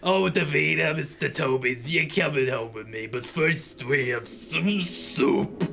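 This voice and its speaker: A man voicing a daffy, cheerful old woman who gushes loudly and slowly. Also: a little high, vocal fry. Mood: gushing.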